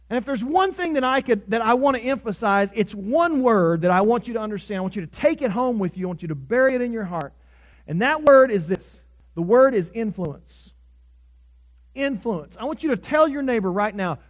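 A pastor from Oklahoma preaches a sermon to his congregation. He mixes scripture, prayer and personal stories in an earnest, heartfelt delivery. His voice sits high for a man, and the recording sounds dull and lo-fi. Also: expressive, moderate pace.

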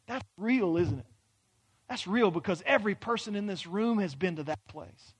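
A man with a very high voice preaches a sermon in a church. He swings from loud, pleading questions down to hushed near-whispers as he acts out prayers. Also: lively intonation, moderate pace, husky. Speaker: pastor. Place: church hall.

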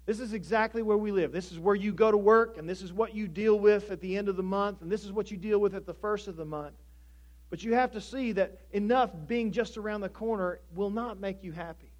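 A pastor preaching a sermon to a congregation, talking conversationally with jokes and building to emphatic preaching. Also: male voice, high-pitched, fairly quick, a little mellow.

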